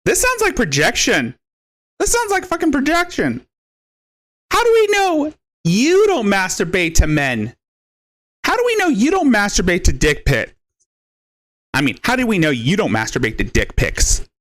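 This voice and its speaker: A man hosting a live stream in a mocking rant, his pitch leaping up and down as he taunts. He swears constantly and hammers the same insults again and again. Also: huge pitch swings, normal speed, fairly bright tone. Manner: profane, taunting, repetitive. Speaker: stream host.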